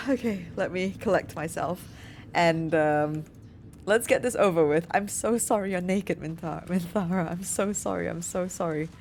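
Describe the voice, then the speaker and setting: A woman casually commentating a video game, chatty, excitable and often apologetic. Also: lowish voice, normal speed, slight background noise. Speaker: let's play streamer.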